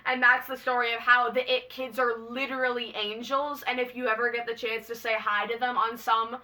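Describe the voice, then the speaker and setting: Young woman vlogger, storytime; bubbly, excitable, slangy; bright tone, slightly high. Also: normal speed. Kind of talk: casual storytime.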